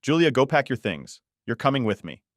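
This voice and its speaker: A man doing a sharp stern old grandmother. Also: medium pitch, sing-song, brisk, no room sound, clean studio sound, pitched above the performer's own voice, lightly acted. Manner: sharp, demanding.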